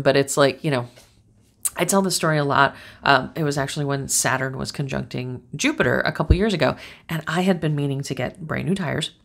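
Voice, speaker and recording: A woman's voice: sits low, creaky. A woman giving a casual, chatty tarot and astrology reading, rambling through stories with lots of fillers. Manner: chatty, rambling, animated storytelling.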